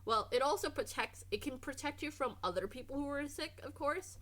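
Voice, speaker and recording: A woman's voice: sits high, animated, brisk, fairly bright tone. A woman streamer chatting casually over gameplay, rambling and trailing off into restarts.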